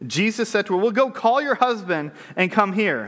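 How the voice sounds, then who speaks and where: In a high-pitched, somewhat bright voice, a pastor delivers a sermon at normal speed with few pauses, very animated. He reads scripture and then explains it through rhetorical questions and casual asides, all in a long, reverberant hall.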